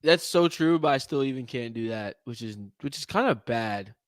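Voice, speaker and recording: A young man co-hosting a sports podcast, excitable and teasing in casual chat. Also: mid-range voice, normal speed, dry recording, clean studio sound. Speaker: podcast co-host.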